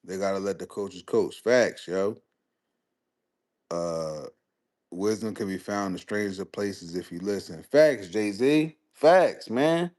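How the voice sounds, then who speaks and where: A young man hosting a casual live stream, talking sports in a slangy, animated way and answering his chat. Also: deep voice, slow pace. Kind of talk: casual livestream sports commentary.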